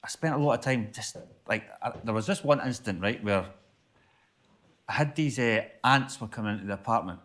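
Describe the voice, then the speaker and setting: A man's voice: lowish voice, brisk, a bit bright. A man with a Stirlingshire Scottish accent, a poet answering audience questions at a live book festival, rambling with restarts. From Stirlingshire, Scotland. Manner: rambling, repeats and restarts, chatty. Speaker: guest poet.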